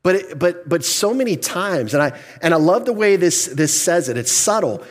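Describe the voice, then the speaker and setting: A man's voice: high-pitched, very animated, normal speed, hardly any pauses. A man pastor preaching a sermon, putting questions to the congregation, answering them himself, and chuckling now and then.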